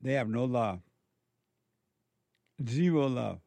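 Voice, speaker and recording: A man giving a moralizing monologue in a slow, emphatic way, repeating words for stress. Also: mid-range voice, lively intonation, creaky, dark tone, no room sound.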